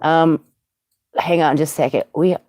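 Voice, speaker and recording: A woman's voice: deep voice, steady tone, moderate pace, darkish tone, dry recording, clean studio sound. A woman hosting a casual livestream, chatty and greeting viewers by name. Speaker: livestream host.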